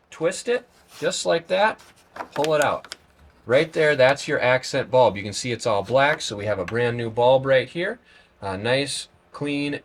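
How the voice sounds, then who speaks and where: A man's voice: medium pitch, a bit bright, a little hiss or hum. A man hosting a how-to channel, talking through a car repair in a casual, step-by-step way, outdoors by a parked car. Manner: plain, step-by-step explaining. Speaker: host of a how-to video channel.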